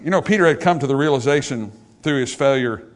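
Man preaching in a church, big swings from loud to hushed, dynamic sermon delivery. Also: fast. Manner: dynamic preaching, rising to emphatic highs and dropping to hushed lows. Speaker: pastor. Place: church sanctuary.

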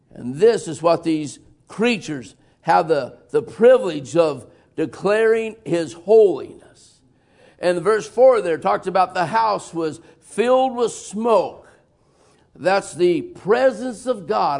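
A man with a drawl preaches in a church sanctuary, his voice pitched high and edged with gravel. He talks in a folksy, emphatic way, with sudden loud bursts and easy chuckles. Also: animated, takes it slowly. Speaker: pastor. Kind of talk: sermon.

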